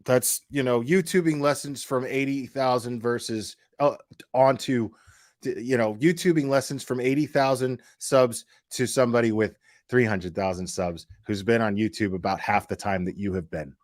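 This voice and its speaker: A man's voice: mid-range voice, moderate pace, no echo, studio quality. A man hosting casual commentary, blunt, sarcastic and profane. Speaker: commentary host.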